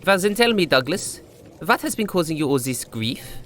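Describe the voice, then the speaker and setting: A man's voice: fairly high pitch, sing-song, normal speed, fairly bright tone, slight background noise, voice pushed up. A man putting on an older bartender's oddly spoken voice. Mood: coaxing. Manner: odd, unplaceable way of speaking. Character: older male bartender, stern but kindly, sly.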